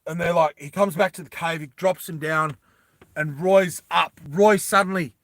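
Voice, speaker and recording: A man casually retelling an adventure story in a rambling, animated way with many fillers. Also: a little high, normal speed, no room sound.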